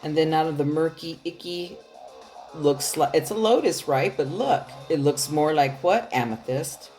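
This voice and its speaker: A woman's voice: low-pitched, animated, measured pace, darkish tone, faint music behind. A woman giving a casual tarot reading straight to her viewers, chatty and loose, swearing now and then and laughing often. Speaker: tarot card reader.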